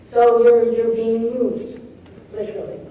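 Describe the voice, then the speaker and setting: A woman poet giving a craft talk on rhythm, thoughtful and demonstrative, reading verse slowly and expressively. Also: a little high, level tone, lo-fi sound. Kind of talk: lecture on poetic rhythm. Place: lecture hall at a poetry festival. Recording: echoey hall taped from far off with faint hiss.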